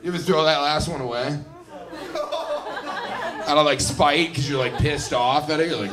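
A man's voice: on the high side, moderate pace, long pauses, recorded from a distance, a crowd in the background. A man in his twenties doing a profane, rambling stand-up set on a comedy club stage, often laughing at his own jokes. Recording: live club recording with audience laughter. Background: audience laughing.

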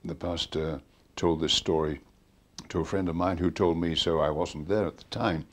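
A man's voice: low voice, fairly even intonation, normal speed. An older man recounting stories earnestly in an interview, voicing quoted commands with emphasis.

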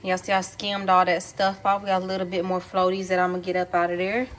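A woman's voice: lowish voice, monotone, quick pace. A woman in her thirties chatting casually to her viewers while she cooks at home. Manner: chatty, talks straight to viewers. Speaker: cooking vlogger. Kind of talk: casual cooking chat to camera. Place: home kitchen. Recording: echoey kitchen with faint room noise.

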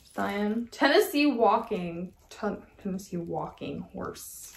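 A woman with a medium-pitched, lively, slow voice and vocal fry hosts a casual vlog unboxing model horses. She's chatty and gushing, full of filler words, recorded in an echoey room with faint background noise.

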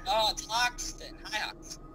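Excitable young man chatting over game music. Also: high-pitched, poor audio. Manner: excitable, jokey, quick to laugh. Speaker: gamer. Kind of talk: casual gameplay chat. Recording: game music playing behind.

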